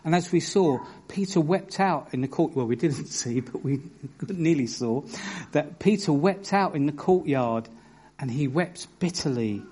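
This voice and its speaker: A man preaching a sermon, telling stories with earnest emphasis and reading scripture aloud in a measured way. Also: fairly high pitch, animated, warm tone, husky. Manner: earnest storytelling with bursts of emphasis.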